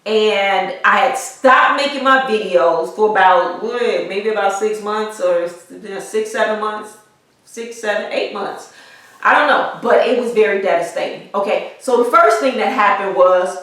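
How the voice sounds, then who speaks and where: A woman vlogger telling a personal story in a halting way, repeating herself as she talks through grief and pushes on, over a weak microphone. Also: mid-range voice, a bit bright, recorded from a distance. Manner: halting, repeats herself, grieving but pushing on. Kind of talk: personal vlog, emotional storytelling. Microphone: weak built-in microphone. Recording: echoey room, voice off-mic.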